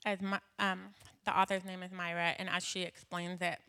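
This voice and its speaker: A woman's voice: lowish voice, level tone, normal speed, vocal fry, pushed and bright, clean tone. Emotional woman sharing a church testimony. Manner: conversational with fillers, emotional. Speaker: church speaker. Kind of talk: personal testimony in a church talk.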